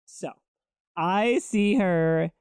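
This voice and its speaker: A man co-hosting a casual podcast chat, telling stories animatedly and acting out quotes in a higher voice. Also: extremely slow, darkish tone, clean tone, dry recording, clean studio sound. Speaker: podcast co-host.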